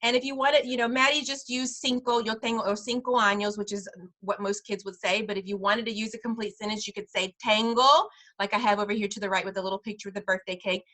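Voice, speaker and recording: A woman teaching parents simple Spanish phrases in an online class, patient and slowing down over each phrase. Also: medium pitch, steady tone, fairly bright tone. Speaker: preschool director teaching parents.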